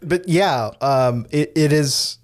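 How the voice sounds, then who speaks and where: A man's voice: a little high, slow pace. Chatty man discussing films. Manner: chatty, many fillers and tag questions. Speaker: podcast co-host. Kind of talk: casual film discussion.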